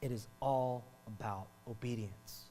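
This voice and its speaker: A man preaching a sermon as pastor, animated and conversational, often checking in with the congregation. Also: medium pitch, a little slow. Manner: animated, talks to the congregation with frequent "right?". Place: church hall. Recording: reverberant hall with mains hum.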